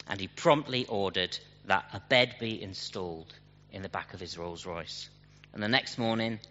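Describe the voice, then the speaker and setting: A man preaching a sermon and telling jokes, switching into lively character voices for the punchlines. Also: on the low side. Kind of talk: sermon with humorous anecdotes. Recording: dull sound with long hall reverb.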